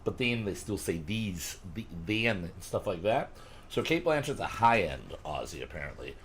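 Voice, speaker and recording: A man's voice: fairly low pitch, very animated, normal speed, slight background noise. A man hosting a casual chat with friends, explaining a list in a chatty way and swearing now and then. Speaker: podcast host.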